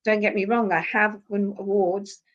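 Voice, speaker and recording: A woman's voice: mid-range voice, fairly even intonation, moderate pace, dull audio. A woman guest on a podcast, speaking with heartfelt emotion and often repeating herself when moved. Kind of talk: emotional interview conversation.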